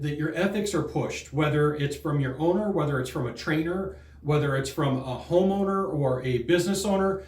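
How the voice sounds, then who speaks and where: Male sales trainer with a slightly high voice, earnest and casual, prone to restarts, recorded in a roomy space. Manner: earnest, conversational, repeats words when restarting. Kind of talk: direct-to-camera training talk.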